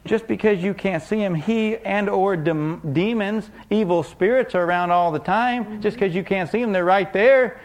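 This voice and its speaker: A man's voice: sits high, normal speed, hardly any pauses. A man preaching a sermon as pastor, in a conversational way, asking the congregation rhetorical questions and acting out little scenes.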